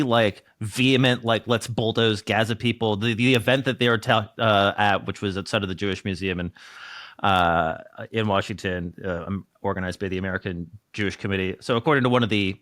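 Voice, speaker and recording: A man's voice: on the low side, fairly bright tone, dry recording, studio quality. A man hosting a casual political podcast, sarcastic and jokey, swearing freely. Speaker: podcast host.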